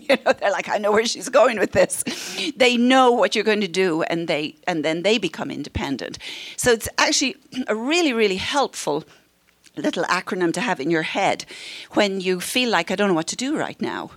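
A woman's voice: medium pitch, sing-song, normal speed. A middle-aged woman counselor leading a parenting workshop, friendly, often laughing and acting out what parents and children say. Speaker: counselor teaching a parenting class. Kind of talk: workshop talk to a live group.

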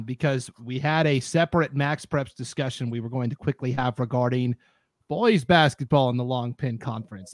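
Podcast host, male, higher voice, dry close mic, fires up fast and rants. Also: no echo. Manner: animated, gets fired up and rants. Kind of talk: casual sports podcast chat.

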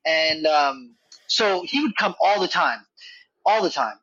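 A man's voice: on the high side, animated, slow pace, bright, forceful tone, no echo. A man guesting on a podcast, telling a casual, rambling story full of "like" and "you know.". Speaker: podcast guest, reptile facility worker. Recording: dull, dry lo-fi audio.

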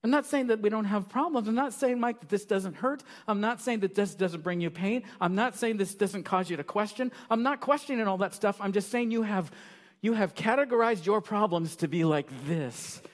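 A male pastor preaching a sermon, animated, swinging from loud bursts to quiet asides. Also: sits high, moderate pace. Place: church sanctuary. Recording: long reverb of a large hall.

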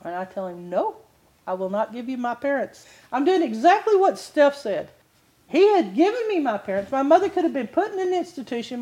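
Older lady preaching, tells her story with lots of laughs, voice sits kinda high. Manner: animated storytelling with frequent laughs. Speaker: Bible teacher. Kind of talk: sermon-style testimony and Bible teaching.

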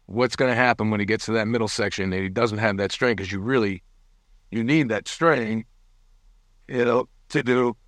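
A man's voice: lowish voice, normal speed, fairly bright tone. A man telling a story as a guest musician in a casual interview, acting out the people he quotes and laughing often. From United States.

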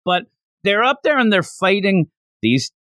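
A man's voice: high-pitched, a little slow, no echo. A man hosting a casual chat who talks animatedly and acts out characters as he goes. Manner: animated, acting out characters, laughing. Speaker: podcast host.

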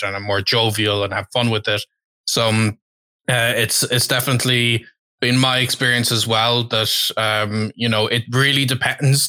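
A man hosting a casual interview who asks curious questions and fills his pauses with uhs and ums. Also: medium pitch, sharp tone, no echo. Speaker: host.

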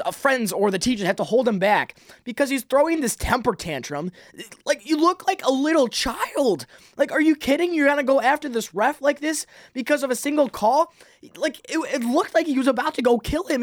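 A man's voice: extremely high pitch, no room sound, clean studio sound. A man hosting a sports podcast, delivering an exasperated weekly rant with frequent restarts. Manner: heated, exasperated, many restarts. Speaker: podcast host.

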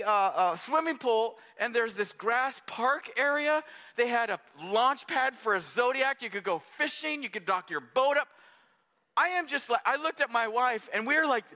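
A man in his thirties preaching with a bright, ringing tone and a high-set voice. He tells his story in an animated, conversational way, often turning to the congregation as he goes. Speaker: pastor. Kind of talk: sermon storytelling.

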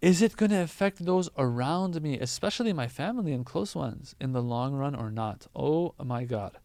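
A man giving a conversational sermon, explaining verses with everyday examples and rising to animated emphasis. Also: a little high, moderate pace, dry recording. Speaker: preacher.

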